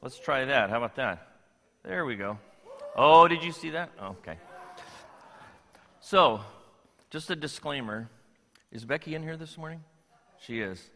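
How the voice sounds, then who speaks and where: A man's voice: medium pitch, animated, measured pace, long pauses, sharp tone. An older man preaching a sermon as pastor, playful and joking with his congregation. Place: church sanctuary. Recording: long reverb of a church hall.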